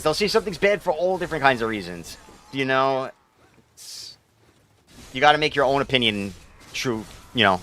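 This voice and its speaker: A man's voice: mid-range voice, sharp tone. A young man, a game streamer rambling casually and profanely while he answers his chat.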